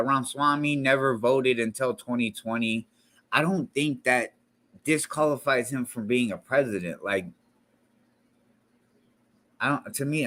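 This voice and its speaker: A man hosting a casual reaction stream, rambling and halting between clips, swearing freely. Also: medium pitch, sharp tone. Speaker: commentary channel host.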